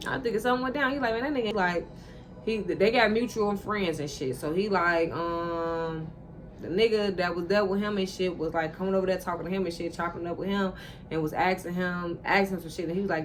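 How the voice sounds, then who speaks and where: A woman telling a personal story straight to her viewers in a casual, animated and profane monologue. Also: on the low side, fairly quick, slight background noise. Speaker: vlogger.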